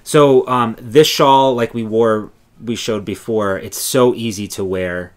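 A man with a fairly low voice co-hosts a relaxed knitting podcast. He talks eagerly but wanders, circling back on his words with plenty of fillers. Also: measured pace. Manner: enthusiastic, meandering, lots of fillers. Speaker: podcast co-host. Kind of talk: casual knitting podcast chat.

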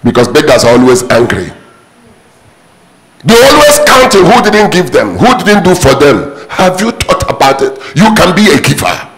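Lively, emphatic male preacher. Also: a little high, moderate pace, low-quality recording. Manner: emphatic, repetitive preaching with sudden rising exclamations. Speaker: pastor. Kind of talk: sermon.

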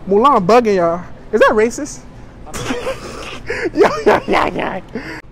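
High-voiced brash young man pranking. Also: wildly swooping pitch, takes it slowly, a crowd in the background. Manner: brash, joking, provocative. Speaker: prank vlogger. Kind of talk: public prank chatter. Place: inside a store.

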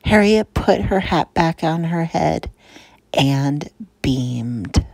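A woman reading a children's storybook aloud with slow, expressive narration. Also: low-pitched, creaky, dry recording, low-quality recording.

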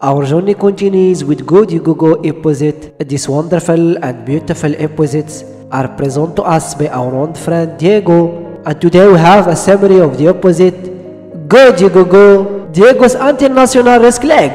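A man with an Arabic accent hosting a video and retelling a cartoon episode in slow, broken English. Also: fairly high pitch, warm tone. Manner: slow read-aloud narration, broken English grammar. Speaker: video host. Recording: long reverb with faint music.

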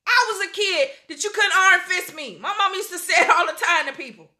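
High bright-voiced lady preaching, fired up, shouting hallelujah and goofing around. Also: a little fast. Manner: fervent, shouting and laughing, goofy asides. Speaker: pastor. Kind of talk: sermon.

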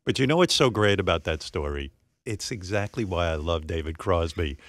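A man's voice: deep voice, animated, a little fast, no room sound. A man hosting a radio interview, talking emphatically at a studio microphone. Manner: emphatic, admiring commentary. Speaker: radio host. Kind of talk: interview chat.

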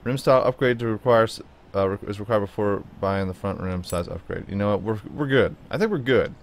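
At a fairly quick clip, a man narrates gameplay in a playful, talkative way, addressing his car as much as his viewers. The gaming YouTuber slips into high, silly tones now and then, over slight background noise.

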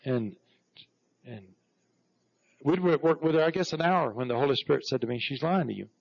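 A man's voice: a little high, animated, moderate pace. A middle-aged man preaching a sermon, telling stories and breaking into repeated praise. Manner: storytelling preacher, repeats "Praise God" with rising fervor. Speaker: pastor. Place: church sanctuary. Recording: dull lo-fi 1991 church recording.

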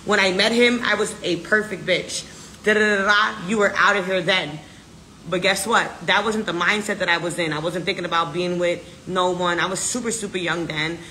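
A young American woman rants in a brash, defiant, profane way and circles back over the same points. Her voice is bright and forceful. The sound is roomy and echoing. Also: fairly low pitch, fairly even intonation, normal speed, a little hiss or hum. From United States. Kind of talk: casual rant.

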